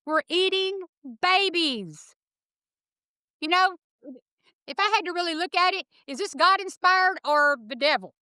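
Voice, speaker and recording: A woman with a Texan accent, a guest speaking with sass and a folksy, preachy way of talking in an animated interview. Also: very high-pitched, normal speed, no echo, clean studio sound. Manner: sassy, preachy, folksy phrasing.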